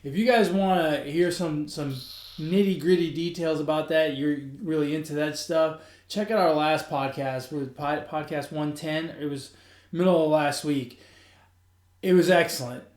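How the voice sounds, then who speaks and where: Casual podcast host in an echoey room. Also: male voice, a little high, fairly even intonation, normal speed, a little mellow. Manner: laughs easily, casual banter. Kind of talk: casual sports chat.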